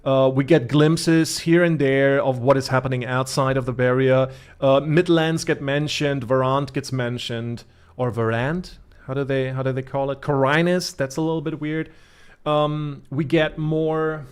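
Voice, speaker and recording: A man's voice: medium pitch, smooth. A man from Germany with a German accent, chatting casually as a gaming streamer, rambling with many fillers and restarts. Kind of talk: casual live-stream commentary.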